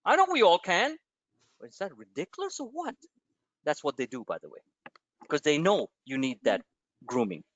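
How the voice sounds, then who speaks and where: A man's voice: a little high, normal speed, pauses often, dry recording, dull audio. A man hosting a live stock-trading webinar, talking casually with profane asides and rambling stories. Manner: animated, profane, tangents into personal stories.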